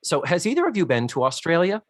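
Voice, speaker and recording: A man in his fifties co-hosting a casual podcast chat, animated and swearing freely as he acts out scenes. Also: a little high, quick pace, dry recording. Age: 50s. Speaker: podcast co-host.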